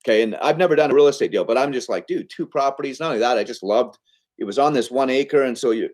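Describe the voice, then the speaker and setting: A male entrepreneur appearing as a podcast guest tells a business story in an animated, conversational way, his mid-range voice moving at a quick pace. He keeps checking in with "okay?" and "right?"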